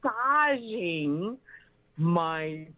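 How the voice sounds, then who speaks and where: Boomer lady calling in, rambles and swears, slow but swings all over, sounds like a phone. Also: dry recording. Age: 60s. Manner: rambling, excitable, swears freely. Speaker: caller. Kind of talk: casual phone-in chat. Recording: tinny phone line, dry.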